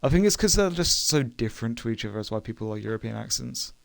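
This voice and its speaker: A young British man streams a game while chatting casually in an animated, gravelly, medium-pitched voice at a quick pace. He rambles hesitantly with many fillers, laughing briefly between remarks, and the recording is dry.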